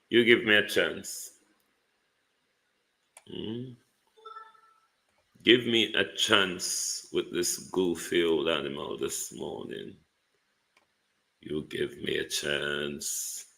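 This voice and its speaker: A man's voice: very deep voice, vocal fry, pushed and bright. A Jamaican man hosting a live online show, muttering and exclaiming to viewers while fighting with his computer. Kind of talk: casual live commentary.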